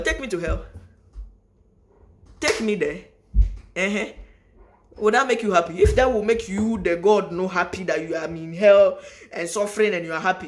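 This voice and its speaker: A woman's voice: mid-range voice, unhurried, pauses often. A woman vlogger speaks straight to her audience in a loose, unscripted monologue. She presses her points by repeating them and often breaks off mid-sentence to start again. The delivery is earnest and emphatic. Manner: emphatic, repeats phrases for stress; rambling with restarts, addresses viewers directly. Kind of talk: casual spoken monologue to camera.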